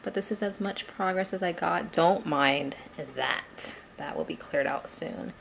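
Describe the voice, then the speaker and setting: A woman's voice: on the low side, a little slow, gravelly, slight background noise. A young woman chatting casually at home in a rambling vlog, laughing often as she talks. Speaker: lifestyle vlogger. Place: at home, indoors.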